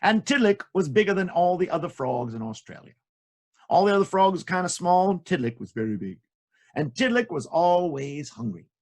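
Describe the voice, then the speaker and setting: A man telling folk tales to children in a playful, jokey, expressive way. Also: sits high, fairly quick. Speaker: children's storyteller. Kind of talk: animated storytelling for children.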